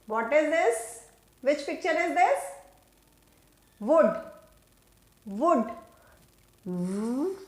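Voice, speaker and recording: Lady teaching kids phonics, super slow, singsongy up and down, echoey room. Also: high-pitched, animated, a little mellow. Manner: slow, drawn-out, sing-song teacher voice that repeats words for kids. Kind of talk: phonics lesson for children.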